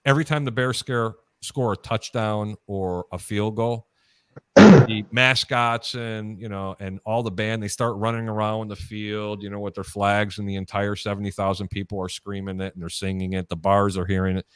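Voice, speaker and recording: A man's voice: fairly low pitch, steady tone, moderate pace, smooth, no echo, studio quality. A man hosting a live sports betting talk show, chatty and storytelling, mimicking announcers as he goes. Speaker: host.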